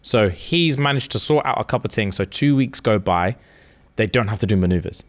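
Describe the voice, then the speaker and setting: A young man co-hosting a podcast, excitedly retelling a story and acting out the characters' lines. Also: fairly low pitch, brisk. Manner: animated storytelling, acts out quotes. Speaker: podcast co-host. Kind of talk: casual chat, retelling a story.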